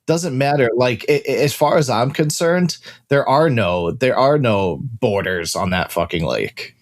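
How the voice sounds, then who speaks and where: A man's voice: medium pitch, animated, unhurried. A young adult man co-hosting a fishing podcast, talking bluntly and swearing in casual chat. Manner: blunt, profane. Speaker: podcast co-host.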